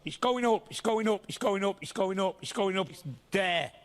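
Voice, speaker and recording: A man putting on a squeaky, excited chanting announcer. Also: moderate pace.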